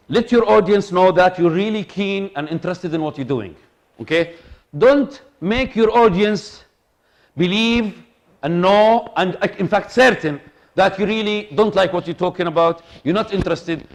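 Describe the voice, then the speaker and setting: A male lecturer, talking to a class in a voice that sits high for a man. He is animated and repeats his points, checking again and again that his listeners are following. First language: Arabic. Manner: animated, repeats himself, asks the audience for agreement.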